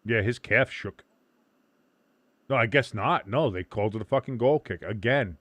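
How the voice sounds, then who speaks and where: Male watch-along host, mid-pitched, dry close sound, loose and profane play-by-play. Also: normal speed, fairly bright tone, no room sound, highs cut off. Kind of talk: casual live game commentary.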